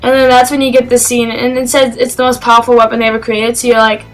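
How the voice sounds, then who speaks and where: Woman film reviewer, slightly high voice, chatty and halting, faint music underneath. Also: flat delivery, rough recording. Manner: rambling and hesitant, with many fillers and restarts; enthusiastic. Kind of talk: casual spoken film review.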